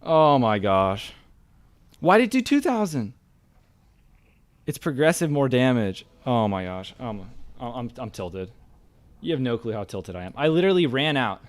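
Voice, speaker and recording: A young man streaming a game, talking through his play with excitable, ranting frustration. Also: mid-range voice, normal speed. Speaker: gaming streamer. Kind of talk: live gameplay commentary.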